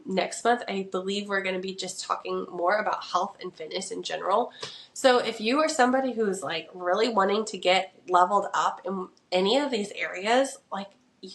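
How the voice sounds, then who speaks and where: A woman's voice: mid-range voice, creaky, fairly bright tone. A young adult woman hosting a podcast, talking earnestly and casually about faith and mindset, with lots of "like" and "right.". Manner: chatty, earnest, full of "like" and "right". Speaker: podcast host. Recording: echoey room.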